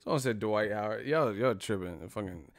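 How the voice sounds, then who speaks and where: A man's voice: lowish voice, normal speed, no echo. A man hosting a casual live stream, rambling and swearing freely and laughing often.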